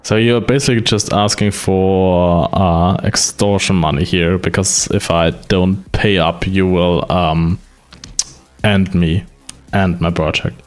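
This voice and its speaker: A man's voice: deep voice, steady tone, slow pace. A man chatting casually as a developer, wry and hesitant, with many fillers. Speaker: streamer and developer. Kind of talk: casual chat.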